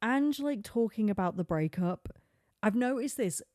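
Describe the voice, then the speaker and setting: A young adult woman hosting a casual solo podcast, chatty and animated, peppering her talk with "like". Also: a little high, no room sound, studio quality. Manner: chatty and animated, heavy use of filler "like", quick asides and laughs. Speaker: podcast host. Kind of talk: casual solo podcast chat about reality TV.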